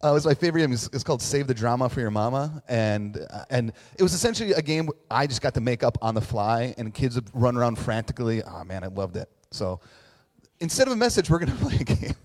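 A middle-aged man leads a conversational sermon, easygoing and self-mocking, tossing in fillers and "right?" as he goes. His voice sits at an ordinary pitch and trails off into the long reverb of a church hall. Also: quick pace, hardly any pauses, a little mellow. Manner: chatty, self-deprecating, frequent fillers and "right?". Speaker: pastor.

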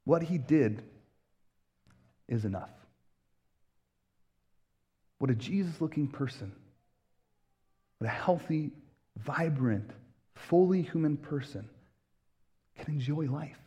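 An earnest man speaks in a preaching-style podcast monologue, his voice a little husky and pitched somewhat high for a man. He stays emphatic throughout and slips into voices when he quotes people. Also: lively intonation, slow pace, long pauses, mellow. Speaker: podcast host, pastor.

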